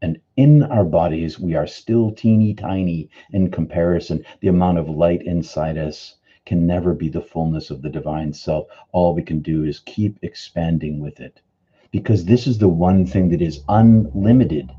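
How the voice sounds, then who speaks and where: A man's voice: low voice, normal speed, dark tone, husky, lo-fi sound. A man from the Boston area giving an earnest, reflective spiritual teaching on a live stream, answering viewers' comments by name. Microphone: studio microphone.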